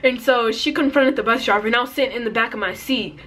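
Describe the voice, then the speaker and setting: A teenage girl telling an animated, slangy storytime, putting on voices for the people in it. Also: fairly high pitch, quick pace. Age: teens. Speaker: vlogger. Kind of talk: storytime vlog.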